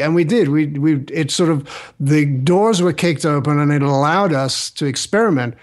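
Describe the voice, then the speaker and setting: An older man, a recording engineer, telling studio anecdotes in a lively way on a radio interview, even imitating sounds. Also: a little high, moderate pace.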